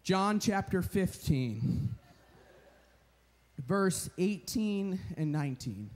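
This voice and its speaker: A young man giving a storytelling sermon at a retreat, animated and chatty with lots of filler words. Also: sits high, very slow. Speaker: retreat speaker.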